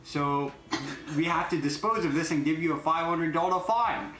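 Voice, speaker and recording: Brisk no-nonsense Aussie border guard put on by a man, echoey room. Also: fairly high pitch, fairly bright tone, slight background noise, close to an everyday voice. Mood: stern. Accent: put-on Australian. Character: stern male Australian border officer.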